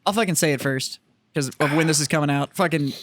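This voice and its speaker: A man's voice: fairly high pitch, quick pace, a bit bright, no echo. A man co-hosting a podcast in casual, profane chat. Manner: profane, hearty. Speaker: podcast co-host.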